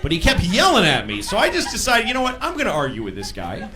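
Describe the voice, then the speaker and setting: Animated stand-up comic, crowd laughing. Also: male voice, fairly high pitch, fast talker. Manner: animated, bursts into shouted impressions. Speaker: stand-up comedian. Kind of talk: stand-up routine. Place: comedy club stage. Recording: live club with crowd laughter and noise. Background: audience laughing.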